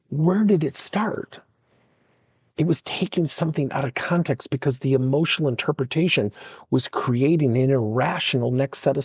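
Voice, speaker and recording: A man's voice: mid-range voice, gravelly, breathy edge, no room sound. A middle-aged man, a workplace coach and podcast host, telling stories and acting out the dialogue. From United States. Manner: animated, acts out dialogue in stories. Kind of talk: storytelling coaching talk.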